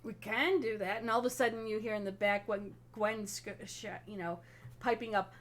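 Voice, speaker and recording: A woman running a tabletop role-playing game as game master, explaining at length in an animated way. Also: mid-range voice, normal speed.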